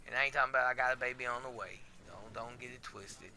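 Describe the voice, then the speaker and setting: A podcast host tells his story in a candid monologue. His voice is very bright and cutting, at a mid pitch. He talks bluntly and swears often, and his delivery stays emotionally raw. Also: fairly even intonation, fast, slight background noise.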